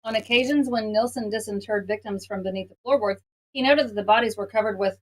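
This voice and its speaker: A woman's voice: medium pitch, quick pace, rough recording. A woman co-hosting a casual true crime podcast, reading the case aloud and stumbling over words now and then. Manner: reads aloud, stumbling on words, laughing often.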